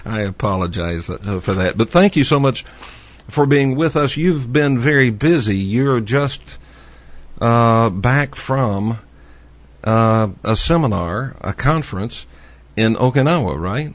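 A man with a Texas accent hosting a talk show, speaking slowly with many pauses and fillers as he introduces and interviews a guest. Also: mid-range voice, animated. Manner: slow, halting, with many "uh" fillers. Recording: dull lo-fi audio.

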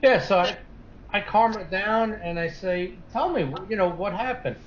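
A man's voice: high voice, moderate pace, slight background noise. A middle-aged man earnestly retelling a story in a rambling way, stringing lines together with "she says". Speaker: guest telling a story. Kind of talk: casual spoken storytelling. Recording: dull lo-fi audio.

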